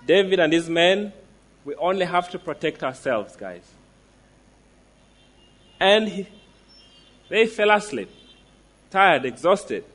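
Emphatic male preacher, higher voice. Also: lively intonation, a bit bright. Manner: emphatic, with slow stressed declarations; asks the listeners direct questions. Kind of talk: sermon.

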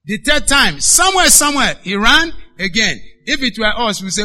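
Male pastor, sermon delivery, high voice with a very bright, piercing edge, emphatic and dynamic. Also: very animated, moderate pace. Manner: emphatic, swings between loud and hushed.

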